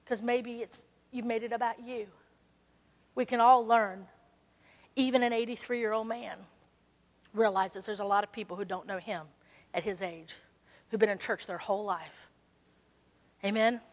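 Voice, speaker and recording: A woman with a Southern US accent telling a story in an animated, conversational sermon. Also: on the high side, normal speed, pauses often. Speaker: speaker. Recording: reverberant hall.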